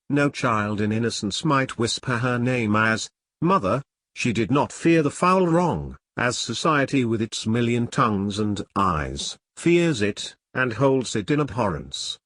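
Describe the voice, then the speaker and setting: A man narrating an old novel as an audiobook in a steady, measured way. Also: medium pitch, no room sound, clean studio sound.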